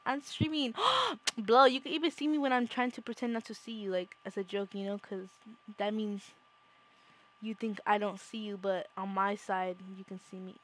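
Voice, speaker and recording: A young woman streaming a game, chatting playfully and swinging from hushed spy whispers to loud shrieks. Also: mid-range voice, fairly even intonation, normal speed, slight background noise. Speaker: gaming streamer. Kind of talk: casual live-stream commentary.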